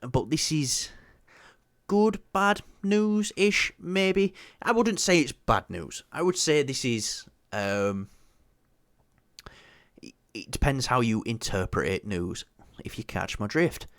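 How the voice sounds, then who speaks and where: A man's voice: medium pitch, very animated, takes it slowly, a bit bright, dry recording, clean studio sound. A man co-hosting a casual movie news podcast, joking crudely and swearing freely. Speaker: podcast co-host.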